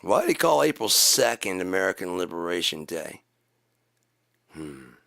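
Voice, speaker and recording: A man hosting his own channel, delivering a profane rant to camera that swings between loud shouting and low muttering. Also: sing-song, moderate pace, creaky. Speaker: channel host.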